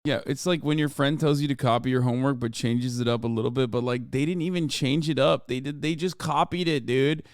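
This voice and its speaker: A man's voice: medium pitch, brisk, few pauses, a little mellow, dry recording, studio quality. A man streaming casual commentary as he reacts to news clips, sarcastic and profane.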